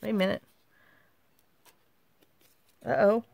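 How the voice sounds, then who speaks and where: Gravelly-voiced woman chatting over craft mail. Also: medium pitch, flat delivery, slow, a little mellow, dry recording. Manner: chatty, talks to herself while handling items, exclaims often. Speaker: craft channel host. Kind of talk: casual show-and-tell of craft mail.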